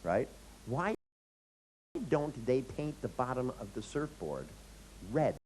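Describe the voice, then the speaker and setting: A man's voice: medium pitch, sing-song, slow pace, a little mellow, a little hiss or hum, poor audio. A man performing a profane, ranting stand-up comedy monologue.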